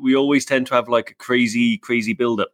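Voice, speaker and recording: A man co-hosting a live podcast, bantering in a relaxed, jokey way. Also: mid-range voice, a little fast, no echo, studio quality. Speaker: podcast co-host. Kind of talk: casual live-stream chat.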